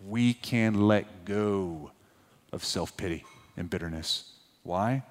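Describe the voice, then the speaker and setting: A man preaching a sermon as a pastor, swinging between loud emphatic peaks and hushed, low passages. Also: slow. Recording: long hall reverb.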